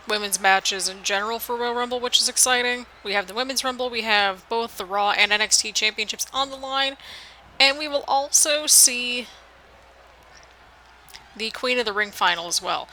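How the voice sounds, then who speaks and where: A woman's voice: a little high, bright, forceful tone, slight background noise, rough recording. An American woman with a mixed northern, midwestern and southern accent, giving chatty, rambling play-by-play commentary over a video game. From United States. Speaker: gaming channel host.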